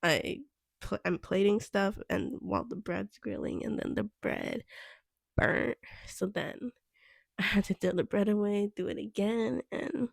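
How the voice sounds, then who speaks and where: A woman's voice: medium pitch, sing-song, unhurried, creaky, dry recording, clean studio sound. A young woman cook chatting casually about kitchen mistakes, rambling with lots of "like" and "um". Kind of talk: casual vlog chat.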